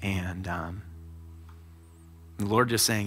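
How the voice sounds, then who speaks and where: A man's voice: medium pitch, moderate pace, sharp tone, soft background music. A man preaching a sermon, telling a personal story in a casual, conversational way with lots of filler words.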